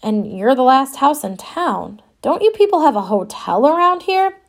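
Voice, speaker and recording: A woman's voice: high voice, very animated, normal speed, pitched above the performer's own voice. Woman doing a tired little traveling artist. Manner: tired, wary, a bit plaintive. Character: tired, travel-worn little man, a New York artist.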